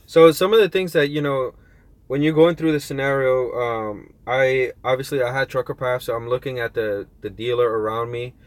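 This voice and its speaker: A man who drives trucks, chatting casually in a slangy, animated way. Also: mid-range voice, normal speed, dry recording. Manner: slangy, animated, says bro and yo. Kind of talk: casual chat.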